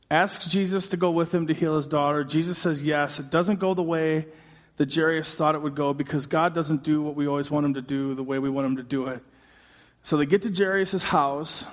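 A man preaching a sermon as a pastor, telling the story in an animated, humorous way with quick asides. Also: on the high side. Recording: long hall reverb.

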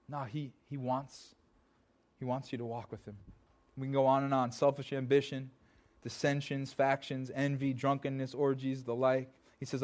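A man preaching a sermon in church, talking casually and plainly to the congregation, with his voice sometimes dropping soft and pleading. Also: medium pitch, steady tone, moderate pace. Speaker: pastor.

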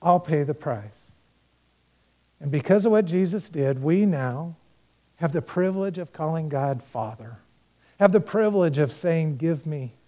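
A male pastor preaching a sermon, telling a parable with acted-out dialogue and speaking earnestly and directly to the congregation. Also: on the high side. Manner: storytelling with acted-out dialogue, swinging between loud and hushed.

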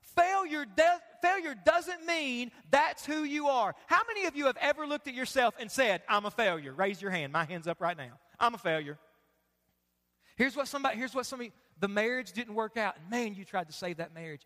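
A male pastor preaching a sermon, animated and humorous, swinging between loud bursts and hushed lines. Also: very high voice, fairly quick, few pauses. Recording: long hall reverb.

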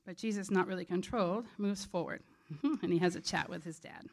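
A woman's voice: lowish voice, brisk. Earnest conversational woman preacher. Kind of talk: sermon.

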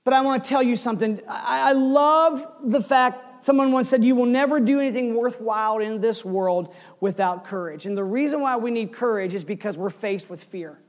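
A man in his forties preaching a sermon, telling a story with swings between loud bursts and hushed asides. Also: very high voice, normal speed, few pauses, in a large hall. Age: 40s. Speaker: pastor.

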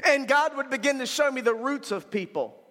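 A man preaching a sermon as pastor, talking frankly and colloquially and building to shouts. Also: extremely high pitch, lively intonation, a little fast, in a large hall.

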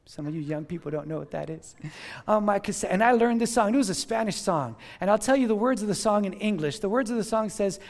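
A man's voice: high-pitched, lively intonation, fairly quick. A middle-aged male pastor preaching an earnest sermon to a congregation, often repeating words and calling on listeners to answer back.

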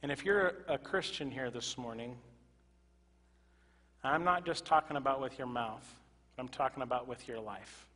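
A male pastor preaching a sermon to his congregation, moving from loud emphatic exclamations to quiet, earnest asides. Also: medium pitch, normal speed, long pauses. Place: church sanctuary. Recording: reverberant church hall.

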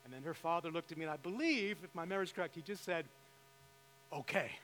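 Talking very fast in a fairly high, slightly bright voice, a middle-aged pastor delivers a story-driven sermon in a church sanctuary, with emphatic vocal rises. The audio has hall reverb and a faint mains hum.

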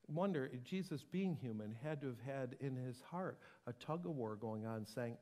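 A man preaching a sermon, dropping to a whisper and building to loud, emphatic passages. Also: mid-range voice, animated, normal speed, hardly any pauses, long reverb tail. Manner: dramatic swings from whisper to loud. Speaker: pastor.

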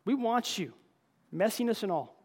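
A man's voice: high-pitched, expressive, moderate pace. A man preaching a conversational sermon in a church, earnest, often repeating words and calling the congregation folks. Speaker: pastor.

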